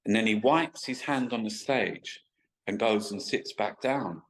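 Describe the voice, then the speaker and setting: A man with a low-pitched voice, talking as a guest in a casual interview. He spins long, rambling stories, full of swearing and restarts. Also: measured pace, gravelly, low-quality recording. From England. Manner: rambling, sweary, stop-start anecdotes. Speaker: guest artist.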